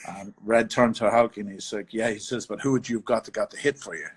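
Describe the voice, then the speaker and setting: Husky-voiced New York man telling stories. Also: on the low side, steady tone. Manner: halting, many restarts and fillers. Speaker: interview guest, bar owner. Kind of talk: casual storytelling chat. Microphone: video call.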